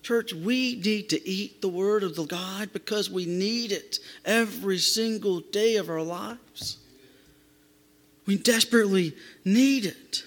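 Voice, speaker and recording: A man's voice: high voice, takes it slowly, a bit bright. A man preaching a sermon as a pastor to his church, emphatic and repeating phrases for stress. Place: church sanctuary. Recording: long hall reverb.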